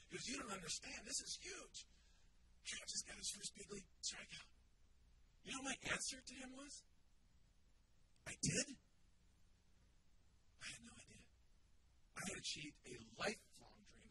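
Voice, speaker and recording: A man in his fifties giving an animated motivational talk in an auditorium, telling stories and acting out dialogue. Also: very high voice, recorded from a distance, noisy background. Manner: animated, acts out quotes in dialogue. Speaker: motivational speaker.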